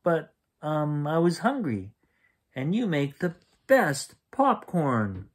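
A man voicing an eager young boy frog in a storybook reading, pleading and excitable. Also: a little high, slow, husky, heavily acted.

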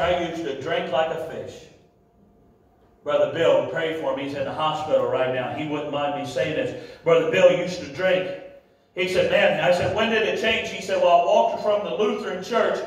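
A man preaching a sermon as pastor, with a Midwestern American accent, shouting in bursts and drawing amens back from the congregation. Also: fairly high pitch, steady tone, moderate pace. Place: large church sanctuary. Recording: echoey hall, heard from far off. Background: congregation calling amen.

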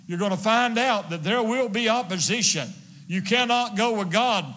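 A man's voice: high voice, bright, forceful tone. A male evangelist preaching a fervent sermon, hammering his points home with repetition.

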